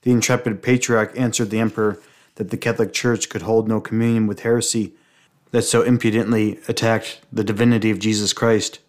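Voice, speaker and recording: Low, flat-voiced man reading aloud. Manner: steady, measured reading with small slips and restarts. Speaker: reader. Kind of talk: reading a saint's life aloud.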